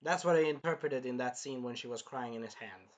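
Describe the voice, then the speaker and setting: A man hosting a casual anime episode review, rambling and sidetracking, often apologizing and clearing his throat. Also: medium pitch, brisk. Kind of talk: casual chat recapping an episode.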